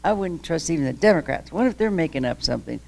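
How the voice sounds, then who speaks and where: A woman's voice: low voice, lively intonation, quick pace, gravelly, darkish tone. An older woman giving an impassioned talk about her own story. She is emphatic, laughs between points, and rambles with restarts. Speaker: guest speaker. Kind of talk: public talk, candid personal story.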